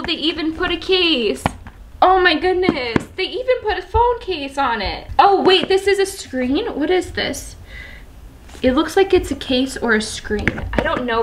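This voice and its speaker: A young woman vlogging an unboxing, gushing and breathless with excitement after a workout. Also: high-pitched, a little hiss or hum. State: post-workout, catching breath.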